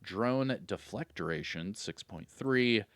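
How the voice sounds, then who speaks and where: A man's voice: lowish voice, animated, slow pace, a bit bright, no echo. A man hosting a gaming video, casually running through in-game vendor items and getting hyped about good loot.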